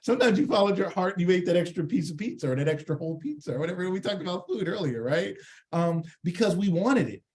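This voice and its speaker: A man leads a live online workshop through his computer mic, his voice sitting a little higher than most men's. He talks in a lively, jokey way, slips into quick acted-out scenes with shifting voices, and keeps throwing questions to his listeners. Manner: engages the chat audience with questions. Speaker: workshop presenter. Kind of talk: live online training talk.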